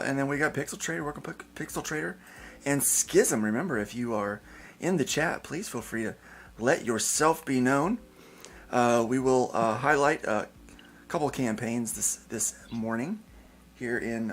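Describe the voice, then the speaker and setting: A man's voice: medium pitch, animated, normal speed. A man hosting a casual panel podcast, joking and rambling with fillers. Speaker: podcast host.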